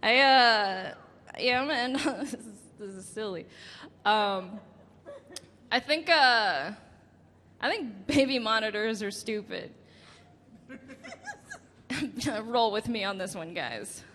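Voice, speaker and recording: A woman in her late twenties doing a stand-up set on a club stage, halting and laughing at her own jokes. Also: on the high side, sing-song, bright, forceful tone. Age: late 20s. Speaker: stand-up comedian. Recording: reverberant club room with faint music.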